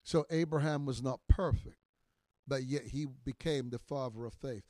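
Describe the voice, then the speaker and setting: A man in his sixties, a minister teaching in a podcast sermon, emphatic and repetitive, his voice swelling loud on key words. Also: medium pitch, moderate pace, dry recording. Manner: repeats phrases for emphasis.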